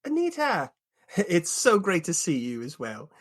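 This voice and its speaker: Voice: mid-range voice, wildly swooping pitch, measured pace. A player voicing a fussy, eager male adventurer in a tabletop game, talking in a flustered, rambling way.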